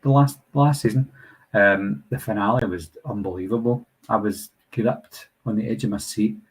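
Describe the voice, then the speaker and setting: On a low-quality recording, a young Scottish host from Glasgow answers his live chat during a relaxed Q&A. His voice is fairly low and slightly rough at a normal pace, and he comes across as talkative and apologetic.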